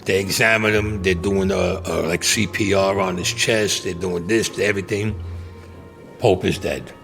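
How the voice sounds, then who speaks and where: A man's voice: deep voice, fairly even intonation, a little slow, vocal fry, a bit bright, soft background music. A man, telling a story bluntly and profanely in an interview. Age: 70s. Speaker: interview guest.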